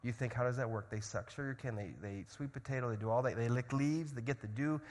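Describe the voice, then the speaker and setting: A man preaching a sermon as a missionary, swinging from loud urgency to hushed storytelling. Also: mid-range voice, fast talker, long reverb tail. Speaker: missionary speaker.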